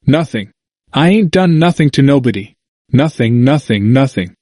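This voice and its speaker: A man's voice: mid-range voice, normal speed, a little mellow, dry recording, studio quality, lightly acted. A man reading an audiobook voices a confused, frightened older man who speaks emphatically in a plain dialect and repeats himself. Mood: mournful.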